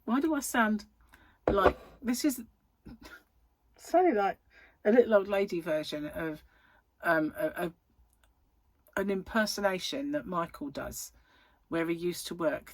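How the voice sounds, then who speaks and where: A woman's voice: mid-range voice, expressive, measured pace, long pauses, no echo. A woman in her thirties, a crochet vlogger chatting casually in a rambling way, full of fillers. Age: 30s. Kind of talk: casual chat.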